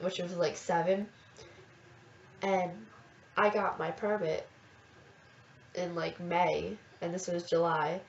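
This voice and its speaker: A woman's voice: lowish voice, a little mellow, a little hiss or hum. Chatty teenage girl, roomy lo-fi sound. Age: teens. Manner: chatty, filler-heavy, gushing. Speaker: vlogger. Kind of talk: casual storytelling. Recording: roomy, dull lo-fi webcam audio.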